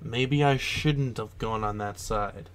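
Excitable man swearing over gameplay. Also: fairly low pitch, slow pace, a little hiss or hum. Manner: excitable, swears, breaks into loud panicked outbursts. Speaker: let's play host. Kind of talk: casual gameplay commentary.

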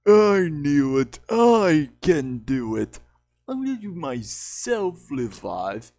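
A man voicing a big, goofy male cat-like creature, loud and drawn-out. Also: fairly high pitch, very animated, no room sound, exaggerated voice.

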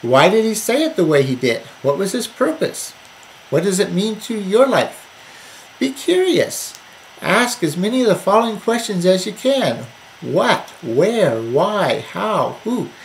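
A man giving a recorded Bible study lesson, earnest and measured, repeating phrases with shifting emphasis. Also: sits high, very animated, slight background noise, low-quality recording. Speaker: Bible teacher.

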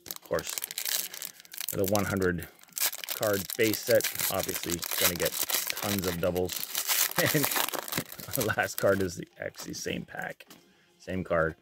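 A man opening trading card packs on his channel, reading out each card and getting loudly excited and swearing at the big pulls. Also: sits low, takes it slowly, pauses often, noisy background. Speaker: card breaker. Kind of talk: casual card-opening vlog.

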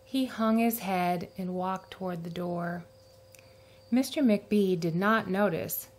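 A woman reading a children's picture book aloud, with gentle narration and voices for the characters. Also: lowish voice, slow pace. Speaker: storyteller.

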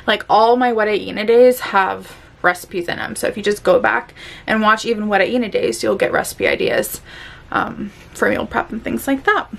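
Chatty young woman with a gravelly edge. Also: mid-range voice, very animated, moderate pace. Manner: chatty, upbeat, laughs often. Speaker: food vlogger. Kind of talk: casual vlog narration. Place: home kitchen.

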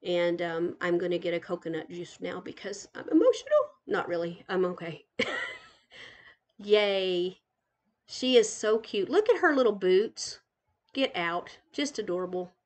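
An older woman, a grandmother, chatting warmly as she tours a game island live, gushing and giggling. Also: fairly low pitch, wildly swooping pitch, unhurried. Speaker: gaming channel host. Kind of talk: casual live game tour commentary.

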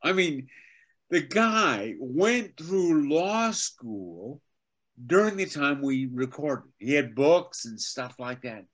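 An older man, a veteran voice actor and teacher, telling animated anecdotes as an interview guest. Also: on the high side, slow pace. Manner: animated anecdotes, acts out quotes. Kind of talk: casual interview storytelling.

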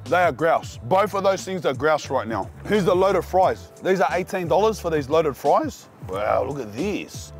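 Young aussie vlogger bloke, high-pitched, slangy and hyped, reviewing truck food outside, faint music under. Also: male voice. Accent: Australian. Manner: excited slangy banter, calls the viewer cuz and bro. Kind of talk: casual food review vlog. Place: outdoors at street food trucks.

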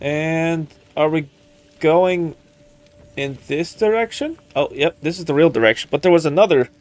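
A man's voice: a little high, normal speed, faint music behind. A man streaming a video game, chatting casually and exclaiming at what happens, in a playful put-on country accent. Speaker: gaming streamer. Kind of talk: casual let's-play commentary.

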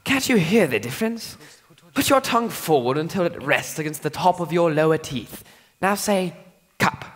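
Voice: medium pitch, expressive, moderate pace, lightly acted. A fussy, exasperated male professor, played by a performer in a school stage musical. His lecturing voice swoops up and down as he drills his pupil over and over. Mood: drilling, impatient. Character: Professor Higgins, a fussy, impatient male phonetics professor. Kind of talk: live stage musical acting.

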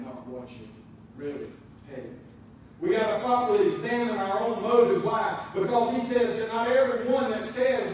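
High-voiced preacher in an echoey church. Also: male voice, a little hiss or hum. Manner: emphatic preaching, swings between loud and soft. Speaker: pastor. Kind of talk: sermon. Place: church sanctuary. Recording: very echoey, from a distance.

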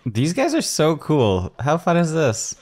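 A man's voice: fairly high pitch, huge pitch swings, measured pace, background noise. A man hosting a casual first-time movie reaction, chatty and thinking aloud as he goes.

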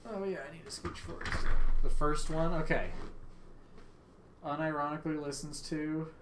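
Young male streamer, pitched a bit high, loud and joking; roomy echoey sound. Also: level tone, moderate pace, background noise. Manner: loud, joking, swears freely. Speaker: livestream gamer. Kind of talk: casual stream chat. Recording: echoey room, faint ambience.

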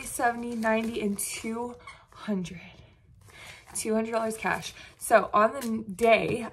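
A woman's voice: fairly high pitch, fairly bright tone, husky. A woman, chatting casually to her phone camera at home in a bubbly, gushing way. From United States. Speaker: vlogger. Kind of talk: casual vlog chat. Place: home, indoors.

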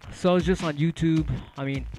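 A man's voice: fairly high pitch, steady tone, moderate pace, darkish tone. Loose, rambling male DJ teaching scratching. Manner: loose, rambling, swears casually. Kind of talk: casual livestream lesson. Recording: music playing underneath. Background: turntable music.

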